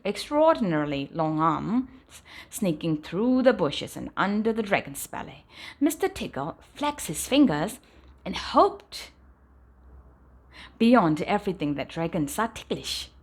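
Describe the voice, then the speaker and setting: Woman reading a picture book at bedtime, lively intonation that sinks softly at sentence ends. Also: fairly low pitch, unhurried, slightly rough. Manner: animated storytelling, dropping softly at sentence ends. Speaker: storybook reader. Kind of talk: bedtime storybook read-aloud.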